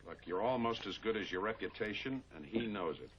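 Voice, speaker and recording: An actor playing a calm, dry-witted professor who helps the police, polite but firm. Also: male voice, fairly low pitch, fairly quick. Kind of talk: 1960s TV drama acting. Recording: dull old TV soundtrack, hiss.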